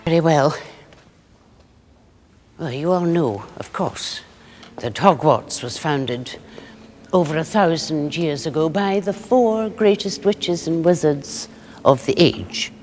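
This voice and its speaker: An actress playing a stern older female professor with a soft Scottish accent, speaking in a measured, formal lecturing manner in a film clip. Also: deep voice, expressive, faint music behind. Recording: film clip with reverb and score.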